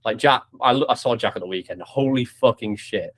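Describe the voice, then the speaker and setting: A young man hosting a podcast, chatting casually with lots of swearing, restarts and bursts of excitement. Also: medium pitch, fairly quick. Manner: swears freely, animated, many restarts. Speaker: podcast host. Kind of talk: casual chat.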